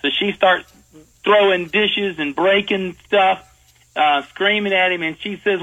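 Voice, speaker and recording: A man, a commercial music producer, telling stories in an interview in an animated way, often laughing. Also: high-pitched, a little slow, lo-fi sound. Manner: animated, laughing storyteller with frequent fillers. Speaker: guest, jingle producer. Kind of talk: storytelling interview.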